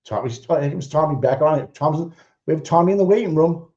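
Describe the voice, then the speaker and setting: Blunt, swearing man, mellow voice. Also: fairly high pitch, fast talker. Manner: blunt, rambling, swears often. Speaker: livestream host. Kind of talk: casual profane livestream commentary. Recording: dull lo-fi audio.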